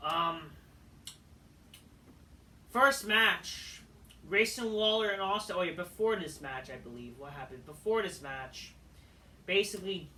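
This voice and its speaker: A woman's voice: fairly low pitch, sharp tone, slight background noise. A woman reviewing a wrestling show in a casual, rambling rant, swearing often and brushing things off with dismissive asides. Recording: echoey room, voice far from mic.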